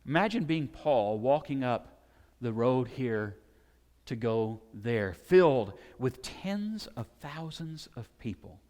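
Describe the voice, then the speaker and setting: A man preaching a sermon, animated and conversational, sometimes acting out the shouting crowds he describes. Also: medium pitch, slow pace. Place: church sanctuary. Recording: long hall reverb.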